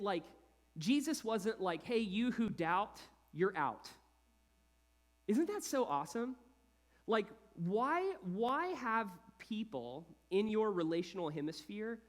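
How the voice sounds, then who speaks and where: A man in his thirties preaching a sermon as a pastor, in an animated, conversational style with lots of casual asides. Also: sits high.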